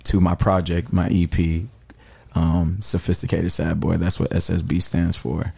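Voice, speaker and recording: A man's voice: low-pitched, level tone, measured pace, creaky, mellow, husky. A man who is a guest musician, talking about his music in a laid-back way on a podcast, with many ums. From Dallas. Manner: laid-back, says um often. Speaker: guest artist. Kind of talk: casual podcast chat.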